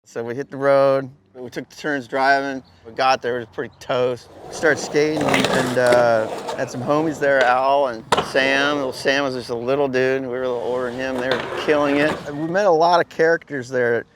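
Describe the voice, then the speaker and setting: A man's voice: medium pitch, steady tone, normal speed, few pauses, noisy background. A man telling a story in a laid-back, slangy way, cursing often and breaking into laughs. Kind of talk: casual spoken anecdote.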